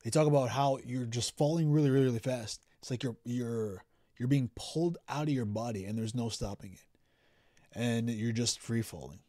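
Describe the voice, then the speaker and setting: A man's voice: mid-range voice, moderate pace, mellow, no room sound, studio quality. A man hosting a reaction video, giving earnest preacherly commentary straight to his viewers. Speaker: reaction channel host.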